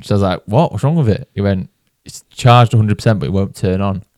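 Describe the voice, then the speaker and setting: A man's voice: lowish voice, fast, darkish tone, dry recording, clean studio sound. A man from England, co-hosting a golf podcast, telling a story in casual chat and laughing often as he goes. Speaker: podcast co-host.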